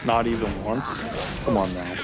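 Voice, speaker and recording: A man's voice: lowish voice, moderate pace. A man chatting casually on a late-night stream, laid-back, rambling and often restarting his sentences. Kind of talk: casual chat.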